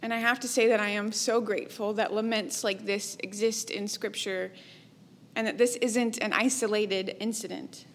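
A woman preaching a sermon in a measured, reflective way, letting her phrases trail off softly. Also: mid-range voice, steady tone. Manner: slow, measured, reflective delivery with soft trailing endings.

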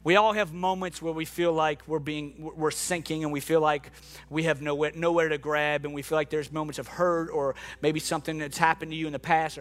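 A man preaching a sermon to a congregation in the room and online, moving from quiet reflection to impassioned shouting. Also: on the high side. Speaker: pastor. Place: church hall with live and online congregation.

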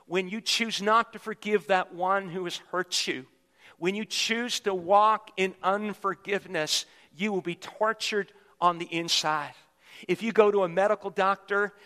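High, bright-voiced preacher in a reverberant hall. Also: male voice. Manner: emphatic preaching with repetitions. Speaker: pastor. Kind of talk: sermon. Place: church sanctuary.

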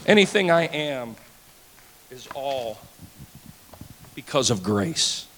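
A man preaching a sermon as pastor, emphatic and repetitive, swinging between loud declarations and hushed asides. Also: mid-range voice, big pitch swings, slow pace, a little hiss or hum. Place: church sanctuary. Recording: long church-hall reverb.

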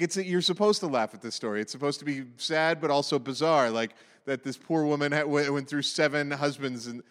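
Conversational preacher in a reverberant hall. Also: male voice, fairly high pitch. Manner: conversational, animated storytelling with asides. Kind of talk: sermon.

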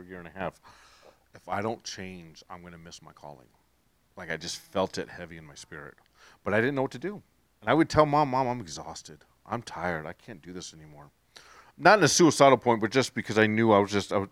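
A man's voice: fairly low pitch, fairly bright tone, no room sound, clean studio sound. A man sharing his faith testimony with a group, earnest and rambling, often restarting his sentences.

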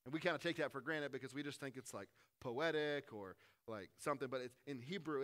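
A male pastor preaching a conversational sermon, swinging from loud, quick asides to hushed, slow passages. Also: medium pitch.

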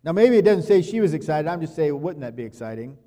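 A man preaching a sermon as pastor, talking conversationally, dropping to quiet asides and acting out the quotes he tells. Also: a little high, big pitch swings, quick pace. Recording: long hall reverb.

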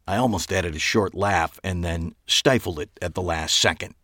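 This audiobook narrator has a deep, sharp-toned voice and reads first-person scripted narration at a moderate pace with few pauses. His storytelling of the novel is dry and wry. The recording has no room sound.

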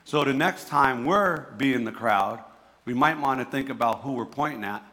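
A man's voice: medium pitch, normal speed, bright, forceful tone, long reverb tail. A man with a New Jersey accent giving a conversational sermon, often restarting words and repeating himself. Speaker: preacher.

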